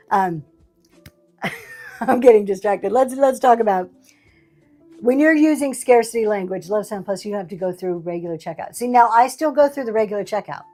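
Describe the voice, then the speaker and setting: A woman's voice: mid-range voice, dark tone. A middle-aged woman hosting a livestream sale, chatting casually with a sassy, laughing manner. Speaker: livestream seller host. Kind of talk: casual chat.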